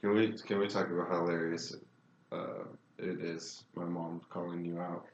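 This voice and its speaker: A man's voice: low-pitched, flat delivery, normal speed, echoey room, highs cut off. A young man co-hosting a casual podcast, laid-back and chiming in with jokes. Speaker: podcast co-host. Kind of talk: casual chat.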